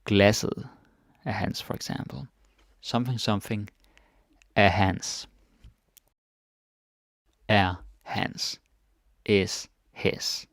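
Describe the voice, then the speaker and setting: Guy teaching a chill language lesson, kinda low gravelly voice, repeats everything, says "right?" a lot. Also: slow pace, long pauses, dry recording, clean studio sound. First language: Danish. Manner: relaxed, repeats words, asks "right?" often.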